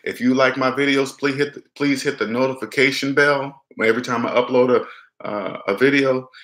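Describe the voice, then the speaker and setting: A man talks straight to his viewers about money in a blunt, insistent way and keeps circling back to his point. His voice is bright and forceful, and the room around him sounds echoey. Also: medium pitch. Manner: emphatic, repetitive, acts out little dialogues. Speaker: personal finance vlogger. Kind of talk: casual direct-to-camera advice.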